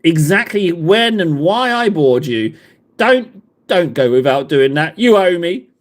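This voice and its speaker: A man's voice: fairly high pitch, animated, takes it slowly. A man with a southern English accent hosting a livestream, chatting casually to viewers in a rambling, self-mocking, jokey way. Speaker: livestream host. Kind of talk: casual chat to live viewers.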